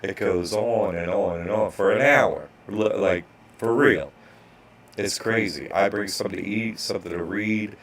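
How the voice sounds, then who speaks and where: A man's voice: fairly low pitch, a little slow. A man casually telling a rambling story as an online course instructor, restarting sentences and acting out bank clerks.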